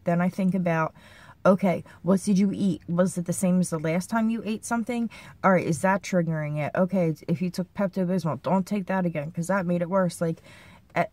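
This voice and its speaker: Shaky young woman rambling on her vlog, kinda low voice, super dry sound. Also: a little mellow, dry recording. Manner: anxious, rambling, many "like"s. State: shaken, near tears. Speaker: vlogger. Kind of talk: personal confessional vlog.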